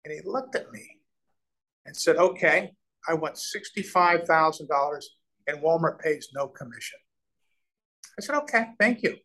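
A middle-aged man from Nebraska recounts his deals in a lively interview, voicing the people he quotes. His voice sits a little high, and he often restarts his sentences while the story runs. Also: measured pace, pauses often, poor audio. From Nebraska, USA. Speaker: real estate developer, guest.

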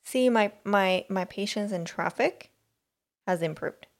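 A woman's voice: mid-range voice, measured pace. A woman co-hosting a podcast, talking in a rambling, hesitant way and searching for her words. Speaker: podcast co-host. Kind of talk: casual chat.

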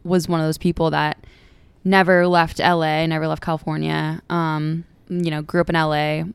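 A young woman co-hosts a casual podcast, supportive and quick to react. Her voice is fairly low for a woman, and smooth and clear. It is recorded dry on a close mic. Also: flat delivery, no room sound. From San Francisco. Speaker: podcast co-host. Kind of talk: casual chat.

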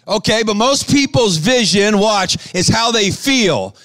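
High-voiced, fiery preaching man. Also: lively intonation, dry recording. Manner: fiery, shouting calls for the crowd to respond; bursts of quick patter between slow, stressed lines. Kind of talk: sermon to a live audience.

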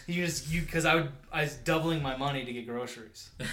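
A man, a comedian, telling blunt, crude stories in casual podcast chat with deadpan punchlines. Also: medium pitch, quick pace.

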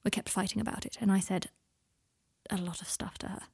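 A tender fatherly man speaks low and confiding, as a woman reading an audiobook voices him. The voice is gravelly and breathy, soft rather than forceful. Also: fairly even intonation, a little fast, whispered. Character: gentle male parental figure, tender and open.

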